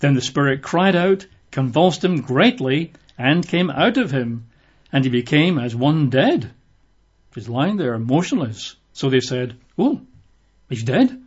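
Male preacher, conversational sermon delivery, mid pitch, muffled lo-fi audio. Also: animated, unhurried, slightly rough. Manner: conversational, acts out quoted voices. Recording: dull lo-fi recording.

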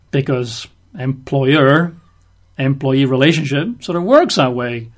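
A man's voice: medium pitch, slow. A man giving conversational Bible teaching, explaining verses with everyday examples.

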